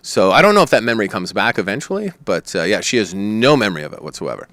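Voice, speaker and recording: A low-pitched man tells a long story as a podcast guest. He rambles and acts out what others said, and the recording is dry and close. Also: quick pace, no echo. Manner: rambling, animated storyteller who quotes others. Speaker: comedian guest.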